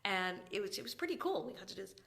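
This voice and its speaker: Animated woman telling stories in casual chat. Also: mid-range voice, rapid-fire, creaky. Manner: animated storyteller, acts out quotes, drops to whispers. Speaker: actress hosting a live stream. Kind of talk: casual live-stream chat.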